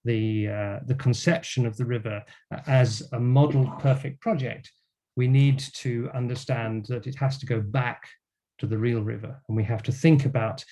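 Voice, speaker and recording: Older male academic speaker, mellow tone, measured delivery with many "uh"s, on a video call. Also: medium pitch, steady tone. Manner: measured lecturing with frequent fillers. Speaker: guest speaker. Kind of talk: academic talk.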